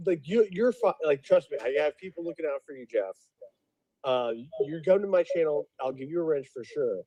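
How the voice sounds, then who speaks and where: A man's voice: on the high side, brisk, dry recording, rough recording. A man who is a guest on a live stream, chatting casually in a rambling way. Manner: rambling, lively delivery.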